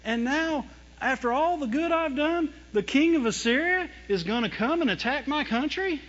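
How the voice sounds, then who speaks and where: A man preaching a lively sermon, mimicking whining voices and laughing often as he talks. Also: very high-pitched, moderate pace, long reverb tail. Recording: dull lo-fi sound.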